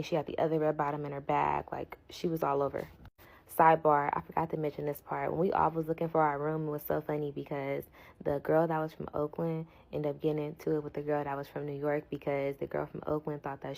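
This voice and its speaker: Casting: a blunt woman with a lowish, gravelly voice, telling a story in a casual, slangy vlog style. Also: fast, low-quality recording. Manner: blunt, slangy and profane, animated retelling. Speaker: storyteller vlogger.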